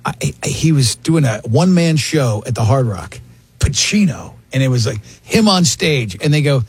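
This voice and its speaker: A man's voice: medium pitch, sing-song, normal speed, husky, dry recording. A man hosting a casual chat, eagerly telling a story.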